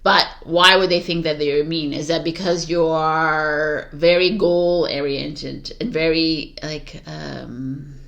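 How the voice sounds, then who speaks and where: A woman's voice: low voice, steady tone, slow, gravelly, few pauses, a bit bright, dull audio. A woman giving a casual, chatty tarot reading to camera, giggling often and using many fillers, with a morning voice. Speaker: tarot reader.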